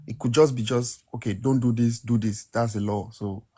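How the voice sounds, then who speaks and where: A man's voice: mid-range voice, steady tone, normal speed, mellow, breathy edge. A man with a mid-range voice, talking things through on a casual chat podcast. He explains earnestly and keeps defending his point. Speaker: podcast co-host. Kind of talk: casual debate.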